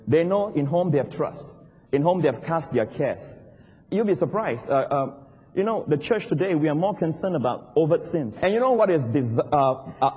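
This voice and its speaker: Male pastor, fairly high voice, husky edge, lively sermon delivery, long hall reverb. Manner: animated preaching, rising to emphatic highs.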